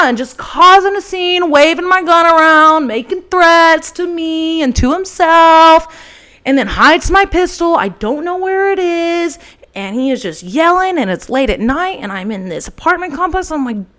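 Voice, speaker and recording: A woman's voice: sits high, a little slow. Candid young woman hosting a podcast. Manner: animated, frank, swears casually. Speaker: podcast host. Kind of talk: candid personal storytelling.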